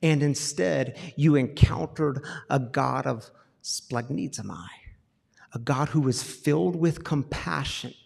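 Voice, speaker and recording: A middle-aged man preaching a passionate sermon, swinging from emphatic questions to soft confessional tones. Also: medium pitch, gravelly, big-room sound. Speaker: pastor.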